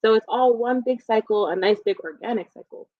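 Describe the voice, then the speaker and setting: A woman's voice: on the high side, brisk, dry recording, narrow, tinny audio. Cheerful woman reading a children's storytime. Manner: gentle, encouraging, reads aloud then explains simply. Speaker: children's librarian.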